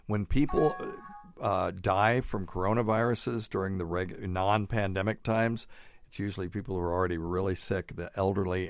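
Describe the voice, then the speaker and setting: A man with a very deep, low voice hosts a casual podcast chat. He thinks aloud as he reads through medical studies and drops in chuckling asides. The sound is dry and close, with no room around it. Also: dry recording. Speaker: doctor and podcast host.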